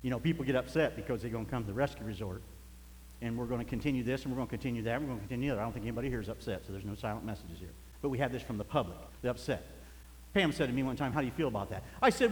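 A man's voice: mid-range voice, rapid-fire. A man preaching a sermon, telling folksy stories and chuckling as he goes. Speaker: pastor. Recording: echoey hall.

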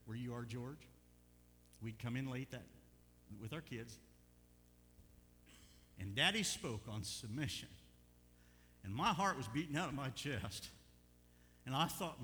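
Bright-voiced folksy pastor preaching. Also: male voice, mid-range voice. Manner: folksy storytelling, bursts of loud emphasis. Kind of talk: sermon. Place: church sanctuary. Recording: long church hall reverb, faint hum.

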